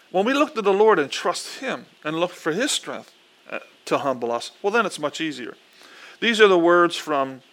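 A man preaching with an earnest, animated delivery who acts out the quoted lines. His voice is bright and fairly high for a man. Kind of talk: sermon.

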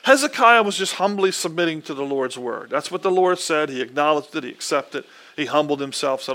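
A man's voice: medium pitch, brisk, sharp tone. A man reading Bible verses aloud and then preaching in an earnest, conversational way, often restarting his sentences. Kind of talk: Bible reading and informal sermon.

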